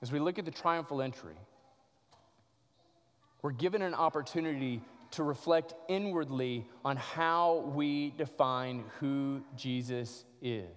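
A male pastor preaching a dramatic sermon, swinging from loud passages to hushed ones, in a church sanctuary. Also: mid-range voice, measured pace, big-room sound.

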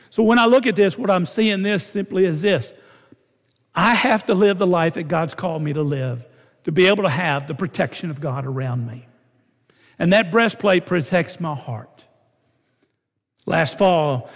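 An older man preaches, his voice pitched high with a gravelly edge. He tells stories earnestly and builds to emphatic rises, and his words ring through a long hall reverb. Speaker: preacher and football coach. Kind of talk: sermon.

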